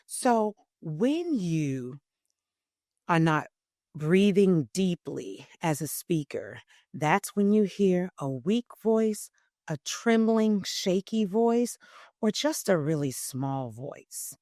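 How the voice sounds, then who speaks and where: A woman voice coach explaining in an interview, teacherly and emphatic, swinging between loud and soft phrasing. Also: on the low side, very animated, slow, dry recording, clean studio sound.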